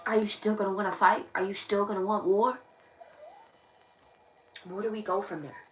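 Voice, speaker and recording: On her tarot live stream, a woman with a medium-pitched, level voice talks at a normal pace, yet her monologue is impassioned, emphatic, and preachy, with phrases repeated over and over. The sound is distant and echoey, with faint noise.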